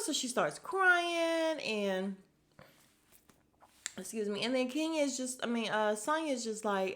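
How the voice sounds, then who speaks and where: A woman's voice: on the high side, expressive, slow pace, long pauses, fairly bright tone. A woman hosting a podcast, recapping a reality show in a blunt, gossipy, sarcastic way and talking straight to her listeners. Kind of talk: casual recap chat.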